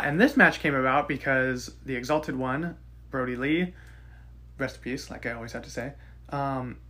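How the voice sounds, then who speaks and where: A man's voice: mid-range voice, bright, forceful tone. A man co-hosting a podcast, recapping and rating a wrestling show in casual, joking chat. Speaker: podcast co-host.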